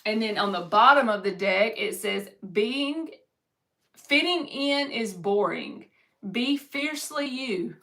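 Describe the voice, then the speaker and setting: A woman's voice: a little high, lively intonation, takes it slowly, gravelly, pushed and bright. A woman giving a live-streamed tarot reading, reading viewers' comments aloud and answering them in an upbeat, encouraging way. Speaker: tarot reader.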